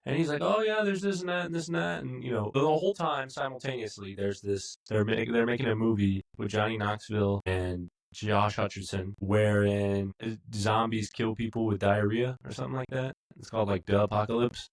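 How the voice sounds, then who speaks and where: A man with a fairly low voice talks casually as a podcast co-host. He rambles through an episode recap, leaning on "like" and "um". His tone is relaxed and conversational. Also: normal speed, few pauses. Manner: rambling, full of fillers. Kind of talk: casual review chat.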